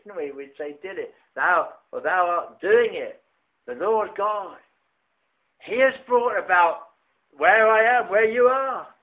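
A man preaching a sermon, often restarting and rising to emphatic phrases. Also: high-pitched. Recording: tinny phone-like recording.

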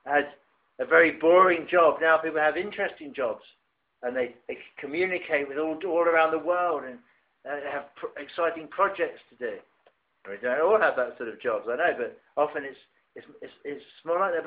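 Male preacher, sermon, halting restarts, slightly high voice. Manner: halting, many restarts, rising emphatic phrases. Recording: tinny phone-like recording.

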